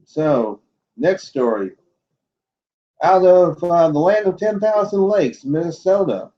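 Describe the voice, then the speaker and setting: A man's voice: sits high, lively intonation, slow, dull audio. A man hosting a casual livestream show, reading odd news stories aloud and commenting on them bluntly and with doubt. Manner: skeptical, blunt asides with chuckles. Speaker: host of a cryptid livestream show.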